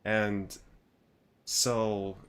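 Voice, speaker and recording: A man's voice: fairly low pitch, flat delivery, very slow, fairly bright tone, smooth. A man in his thirties casually telling a rambling story on a gaming livestream, laughing and restarting often. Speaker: streamer.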